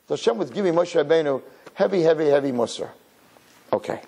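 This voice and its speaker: A male rabbi giving an animated Torah class in a dramatic, conversational way, sometimes putting questions to the audience. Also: fairly high pitch, fast talker, gravelly, pauses often, slightly rough.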